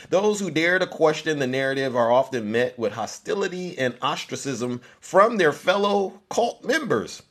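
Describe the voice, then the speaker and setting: A man with a fairly high-pitched voice hosts a political commentary live stream. He reads from a prepared text in a mock-solemn tone, interrupting it with sarcastic, teasing remarks aimed at his viewers.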